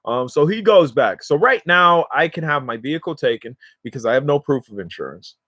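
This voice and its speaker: A man's voice: on the high side, lively intonation, brisk, fairly bright tone, no room sound, muffled recording. A man casually telling a rambling story straight to his viewers in slangy, everyday speech, speaking close to the mic. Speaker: cannabis vlogger.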